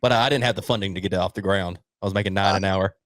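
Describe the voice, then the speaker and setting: A man on a podcast, adding quick, offhand remarks in casual chat. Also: deep voice, fairly even intonation, no room sound.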